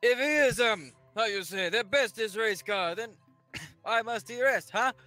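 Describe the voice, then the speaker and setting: A man's voice: high voice, unhurried, pushed and bright, faint music behind, pitched above the performer's own voice. A man voicing a boastful male Italian race car with teasing, mock-foreign phrasing.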